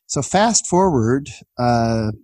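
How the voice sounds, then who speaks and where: A man's voice: mid-range voice, lively intonation, takes it slowly, darkish tone, no echo. A man in his forties telling personal stories in a casual podcast chat, earnest and emotional, laughing now and then. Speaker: guest.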